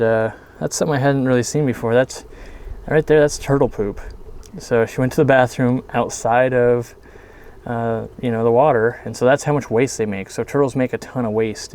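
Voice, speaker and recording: A man's voice: medium pitch, normal speed, clear, resonant tone. Laid-back man rambling by a pond. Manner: relaxed, rambling, many fillers and restarts. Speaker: aquarium shop owner and channel host. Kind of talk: casual outdoor walkthrough vlog. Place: outdoors by a garden pond.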